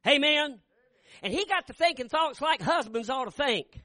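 An older man preaching a folksy sermon, acting out dialogue and rising to shouts. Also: very high voice, lively intonation, normal speed, no room sound. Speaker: Baptist preacher. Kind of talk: sermon storytelling with acted dialogue.

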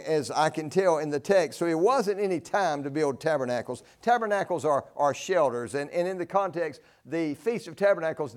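A man's voice: a little high, a little mellow. A man from North Carolina, preaching a folksy, earnest sermon. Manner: earnest, folksy, rises to emphatic peaks.

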